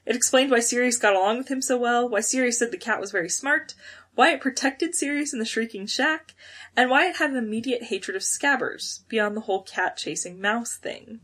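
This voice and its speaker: A woman co-hosting a podcast, chatting casually and reading listener comments aloud, quick and excitable. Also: fairly high pitch, husky. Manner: quick, excitable, laughs often. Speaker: podcast co-host.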